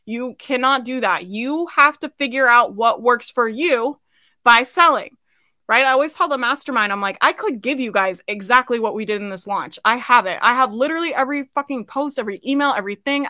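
A woman's voice: fairly high pitch, fairly quick, sharp tone, no echo. A woman business coach giving a live sales training, blunt and swearing casually, asking her audience questions and laughing often.

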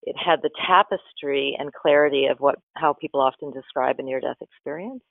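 A male guest with a gravelly, medium-pitched voice speaks briskly, telling a personal story in an earnest, reflective way and lingering over his words. The recording has no echo and sounds like a phone line with faint music.

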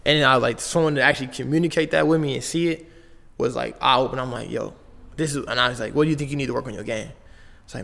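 A man's voice: mid-range voice, quick pace, gravelly, fairly bright tone, in a large hall. A man in his twenties from Canada, telling his story in casual slang-heavy talk on a podcast. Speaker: guest, basketball player.

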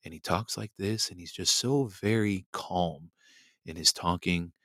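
A man doing an impression of a calm, soft-spoken male TV painter, talking slow and hushed. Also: sits low, dry recording, studio quality, voice pushed down, exaggerated voice. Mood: soothing.

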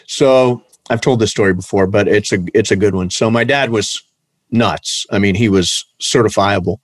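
A man in casual conversation, telling a lively anecdote with energy. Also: fairly low pitch, moderate pace, no echo. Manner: animated storyteller, shouts in impressions. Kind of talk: casual chat.

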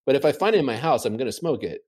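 A man chatting casually from home, telling an animated, rambling story full of fillers. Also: medium pitch, racing, slightly rough. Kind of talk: casual chat.

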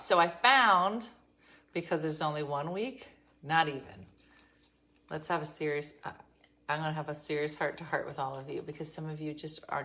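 A woman's voice: low voice, pushed and bright, a little hiss or hum. A woman hosting a casual livestream from her home, chatting with viewers and telling exasperated stories. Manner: chatty, storytelling, exasperated asides. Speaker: livestream host. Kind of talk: casual live chat with viewers. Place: her home, being renovated. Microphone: phone.

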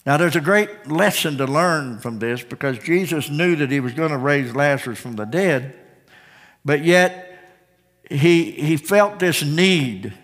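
A man preaching a sermon as pastor, swinging between hushed, drawn-out lines and soaring, repeated phrases. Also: on the high side, expressive. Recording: long hall reverb.

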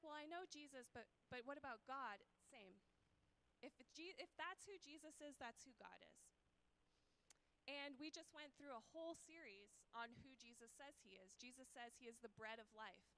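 A woman's voice: sits high, animated, moderate pace, fairly bright tone, slight background noise, poor audio. A woman in her thirties preaching a sermon as a guest speaker in a church, in an earnest, conversational and emphatic manner.

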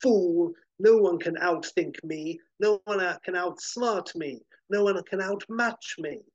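A man's voice: high voice, slow, no echo, highs cut off, pitched above the performer's own voice. A man ranting as a pompous brain-domed villain. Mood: gloating. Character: grandiose male mad-scientist villain, brain in a dome.

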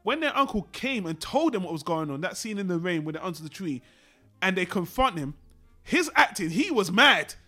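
A man co-hosting a podcast, chatting casually about a film, animated and swearing as he acts out lines from it. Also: high voice, moderate pace, faint music behind. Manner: animated, swearing, acts out characters in his retelling. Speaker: podcast co-host.

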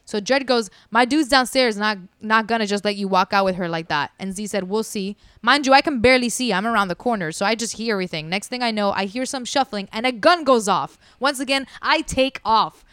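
Smooth-voiced woman telling a wild story. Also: medium pitch, brisk, few pauses, no echo, studio quality. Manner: animated, acts out quotes. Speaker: podcast storyteller. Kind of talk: casual storytelling.

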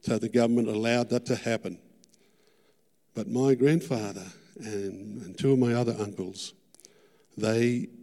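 A middle-aged Australian man preaching a sermon testimony, earnest and fervent, repeating his words and rising to loud peaks. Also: mid-range voice. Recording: long hall reverb.

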